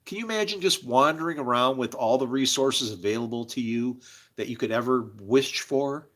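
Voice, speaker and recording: A man's voice: mid-range voice, moderate pace, a bit bright. A man hosting a livestream, rambling in a profane, confessional way about faith and his struggles, and talking to viewers in chat. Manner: talks to chat viewers by name; religious musing. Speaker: livestream host. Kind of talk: casual livestream monologue.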